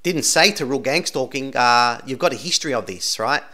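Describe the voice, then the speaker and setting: Insistent rambling man with a bright voice. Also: mid-range voice, moderate pace. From Australia. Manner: repeats "right?" constantly, insistent and rambling. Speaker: channel host commenting on videos. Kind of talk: casual reaction commentary.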